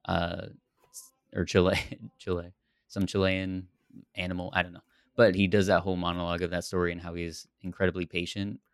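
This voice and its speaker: A man's voice: low-pitched, a little fast, clear, resonant tone, no echo, studio quality. A man co-hosting a podcast, chatting casually and laughing as he talks through a TV series. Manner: relaxed, laughs often, rambling. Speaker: podcast co-host. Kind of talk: casual chat about a TV series.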